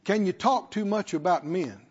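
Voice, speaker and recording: In a church sanctuary, a pastor preaches a sermon, leading call-and-response and repeating phrases for emphasis. His husky voice sits high and sounds expressive at a normal speed. The recording has long reverb and a dull lo-fi quality.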